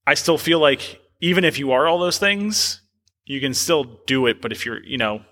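A man co-hosts a podcast in a hesitant, casual way, leaning on fillers. His voice is bright and forward, with a long reverb from the room around him. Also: medium pitch, lively intonation, normal speed. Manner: hesitant, heavy on fillers like "like" and "you know".

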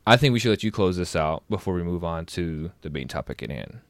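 A man's voice: low-pitched, animated, brisk, no room sound, studio quality. A man co-hosting a livestream, talking in an earnest, rambling way and often restarting his thoughts. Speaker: stream co-host. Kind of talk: casual chat on a livestream.

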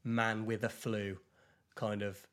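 A man's voice: on the low side, little pitch movement, takes it slowly. Man, casual podcast chat, rambling storyteller, recovering from flu. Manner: rambling storyteller, lots of fillers, laughs at his own stories. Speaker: podcast co-host.

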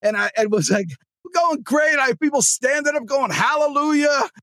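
A man hosting a sales podcast, talking in an energetic, rambling, chatty way with asides to his producer. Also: extremely high pitch, normal speed, dry recording, clean studio sound. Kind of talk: casual motivational monologue. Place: studio.

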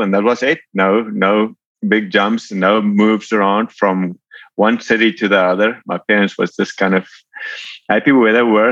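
A man from South Africa with a South African accent, telling his life story as a podcast guest in a relaxed, rambling way. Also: fairly low pitch, no echo, lo-fi sound. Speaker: podcast guest, Paralympic athlete. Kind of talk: casual storytelling.

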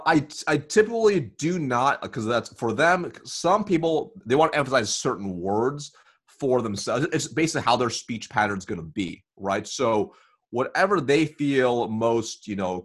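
A man being interviewed as a sales coach, explaining in an energetic conversational way, often checking in with "right?" and "you know". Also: medium pitch, moderate pace.

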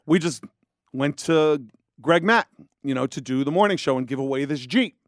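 Profane, animated male storyteller. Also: a little high, moderate pace, no echo, studio quality. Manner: profane, animated, acts out voices. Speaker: guest telling a story. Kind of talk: casual storytelling chat.

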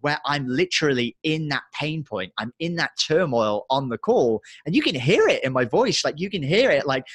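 Young man, interview guest, earnest and confessional, bright husky voice, dry close sound. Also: on the high side, very animated, no echo. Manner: earnest, confessional, fast with many fillers. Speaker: podcast guest and entrepreneur. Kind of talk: emotional personal story in an interview.

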